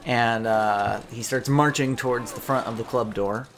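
A man's voice: mid-range voice, fairly even intonation, normal speed, a bit bright. A man narrating a tabletop game as game master, chatty and laughing often.

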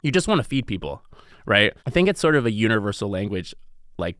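A man's voice: lowish voice, very animated, brisk, fairly bright tone, no echo, clean studio sound. A man chatting on a podcast as a guest chef, playful and giggly, with lots of "like" fillers. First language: Cantonese. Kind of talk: casual podcast chat.

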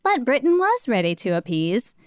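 A woman talks through history on a casual podcast, blunt and emphatic with profanity. Her voice is smooth and clear, recorded dry and close. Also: fairly high pitch, sing-song, normal speed, no echo. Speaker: podcast co-host.

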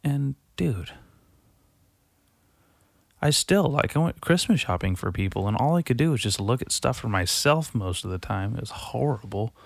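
A man's voice: mid-range voice, lively intonation, normal speed, creaky, no room sound. A young man in his twenties hosting a solo podcast in a darkened room, rambling and confessional, swearing often and padding his talk with fillers. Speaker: podcast host. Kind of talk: late-night solo podcast monologue. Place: darkened room lit by Halloween lights.

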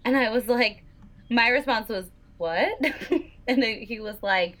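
A woman's voice: a little high, unhurried, fairly bright tone. A young woman and teacher co-hosting a podcast, chatting casually with lots of laughs and filler words. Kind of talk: casual chat.

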